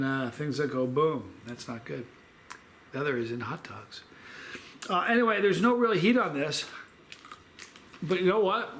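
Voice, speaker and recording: A man's voice: fairly high pitch, a bit bright, a little hiss or hum. A man hosting a food review vlog, telling a long story in a rambling, chatty way with lots of fillers.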